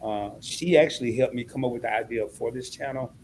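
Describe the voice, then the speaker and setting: A man hosting a live-stream interview, who gets excited and reads viewer comments aloud as he talks. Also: medium pitch, brisk, a little hiss or hum.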